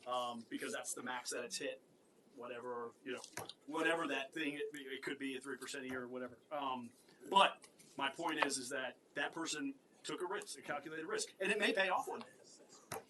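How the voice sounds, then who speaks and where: A male county commissioner explaining his position in a measured way at a board meeting. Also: medium pitch, fairly even intonation, noisy background. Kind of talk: public meeting debate.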